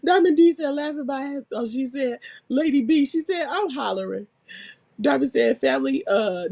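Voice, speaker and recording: A woman's voice: high-pitched, moderate pace. Laughing woman reading chat aloud. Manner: laughs constantly, reads comments aloud, animated. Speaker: host reading out chat comments. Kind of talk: casual live-stream chat.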